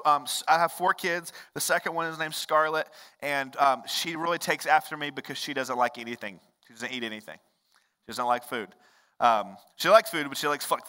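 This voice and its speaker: A male pastor preaching a sermon in a conversational storytelling way, dropping to hushed lines and rising to loud, emphatic ones. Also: fairly high pitch. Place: large church hall. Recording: long reverb of a large hall.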